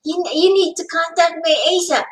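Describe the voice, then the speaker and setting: Casting: giggly woman, thick accent, high voice, echoey room. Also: little pitch movement, moderate pace. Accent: non-native English. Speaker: co-host, spouse. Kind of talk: casual chat.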